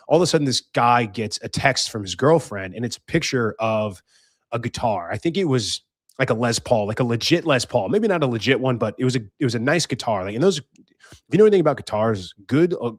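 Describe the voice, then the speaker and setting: Recorded with studio quality and no echo, a young man with a medium-pitched voice hosts a podcast. He gives blunt, casual life advice in monologue form, cursing liberally and acting out voices.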